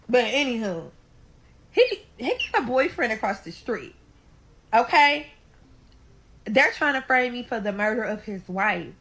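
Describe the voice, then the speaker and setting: Bright-voiced St. woman telling a story. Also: a little high, a little slow, pauses often, low-quality recording. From St. Louis, USA. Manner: animated, keeps calling out to listeners, swears freely. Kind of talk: storytime vlog.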